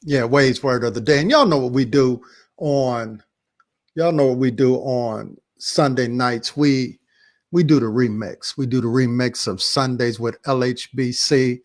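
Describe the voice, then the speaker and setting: A man hosting a church talk show, casually recapping a sermon in a relaxed, repetitive, slangy way. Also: medium pitch, measured pace. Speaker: pastor and show host.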